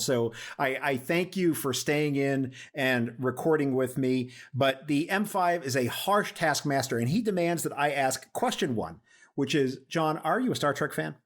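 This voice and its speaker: A man's voice: mid-range voice, dry recording, studio quality. A man hosting a podcast, reading announcements playfully and then interviewing a guest. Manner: playful, animated delivery. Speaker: podcast host.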